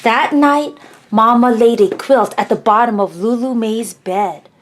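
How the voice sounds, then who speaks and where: A woman reading a children's picture book aloud in an expressive, sing-song storybook manner. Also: fairly high pitch, unhurried.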